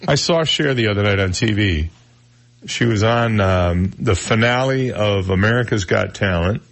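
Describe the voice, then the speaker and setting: A man hosting a talk radio show, chatting wryly and joking about odd news stories in a studio. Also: fairly low pitch. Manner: wry, joking, drawn-out delivery.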